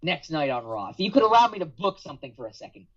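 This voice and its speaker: A man's voice: a little high, big pitch swings, fast. A man on a podcast, telling a long story with drama and acting out the lines of others, with some swearing. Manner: dramatic, acts out quotes, profane. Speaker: podcast guest. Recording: dull lo-fi podcast audio.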